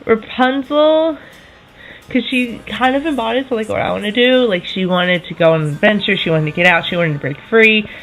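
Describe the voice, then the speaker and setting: A woman in her twenties chatting casually to camera as a vlogger, enthusiastic, with quick self-correcting asides. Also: mid-range voice, fairly bright tone, low-quality recording.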